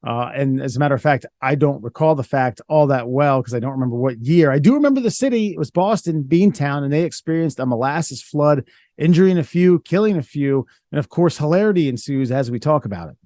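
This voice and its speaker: A man's voice: fairly high pitch, lively intonation, fairly quick, mellow, no echo, studio quality. A man co-hosting a casual comedy podcast, rambling through stories with fillers and laughs. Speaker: podcast co-host.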